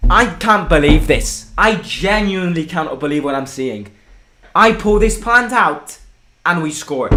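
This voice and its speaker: A young man hosting a live football watchalong, excitable, breaking into shouts and swearing. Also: on the high side, a little slow, noisy background. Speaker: fan channel host.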